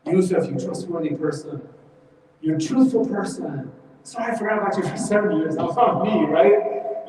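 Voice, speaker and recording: A man with a high voice teaches a Quran study class at a brisk pace. He tells the story with energy and acts out the lines of the people in it. He is heard from far off in a mosque hall with a long echo. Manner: animated storytelling, acts out quoted speech.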